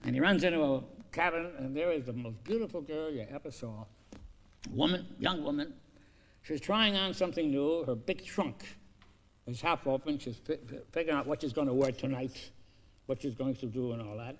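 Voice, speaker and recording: A man pitching a film story, acting out the characters' lines and swinging between loud and hushed delivery. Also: normal speed.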